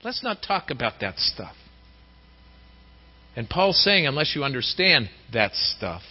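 A man's voice: mid-range voice, a little slow, slightly rough. A middle-aged male pastor giving a sermon in a church and acting out the voices of people he quotes. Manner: lively, acts out quoted voices. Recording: dull recording in a reverberant hall.

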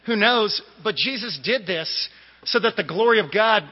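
A man from the Boston area preaches in a loose, conversational way, with fillers and asides. His voice sits high and carries a long echo through the church. The recording sounds dull and muffled. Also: lively intonation, moderate pace. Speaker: lay preacher. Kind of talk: sermon. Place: church sanctuary.

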